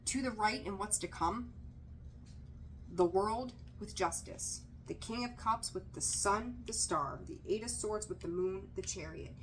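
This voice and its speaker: A woman's voice: mid-range voice, measured pace, a little hiss or hum. A woman giving a casual tarot reading to camera, direct and emphatic, repeating her key points and dropping candid, slightly profane asides. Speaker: tarot reader.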